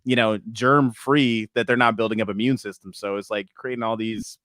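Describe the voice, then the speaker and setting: A male podcast co-host rambles in casual chat and swears freely. His lowish, slightly bright voice keeps fairly even intonation at normal speed, recorded in studio quality with no room sound.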